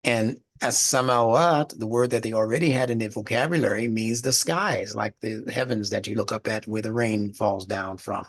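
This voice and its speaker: Gravelly-voiced man teaching a class. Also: on the low side, fairly quick, few pauses. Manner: explanatory, asks rhetorical questions. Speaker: religious studies instructor. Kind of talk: recorded class lecture.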